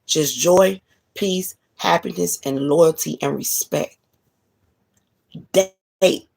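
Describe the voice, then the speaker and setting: A woman's voice: deep voice, extremely slow, creaky, a little mellow. A woman delivering a blunt, profane monologue of relationship advice in a casual, preachy way. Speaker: spiritual reader.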